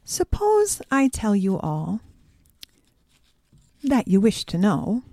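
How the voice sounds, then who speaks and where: A woman voicing a spiteful, defiant old witch in a storybook, with a croaking manner. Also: mid-range voice, wildly swooping pitch, slow, warm tone, dry recording, full character voice. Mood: bargaining.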